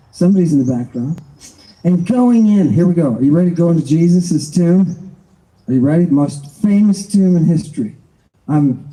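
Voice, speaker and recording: A man hosting an animated livestream lecture, excitable and exclamatory, with frequent joking asides. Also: a little high, rough recording. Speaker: livestream host.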